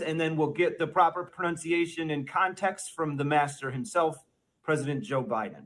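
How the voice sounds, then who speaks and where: A man narrating a mock language lesson, slowly sounding out made-up words. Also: on the high side, a bit bright. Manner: slow, exaggerated spelling-out of made-up words.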